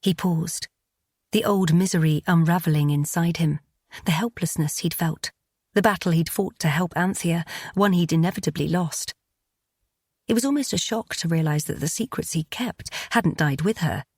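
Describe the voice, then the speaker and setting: A woman narrating a romance audiobook in a calm, even storytelling manner. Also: lowish voice, moderate pace, husky, dry recording, clean studio sound.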